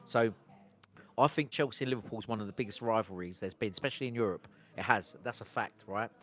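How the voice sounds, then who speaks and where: A man from England with a lowish, fairly bright voice talks at a quick pace during a casual outdoor live stream on a street. His commentary rambles, and he keeps breaking off to speak directly to viewers.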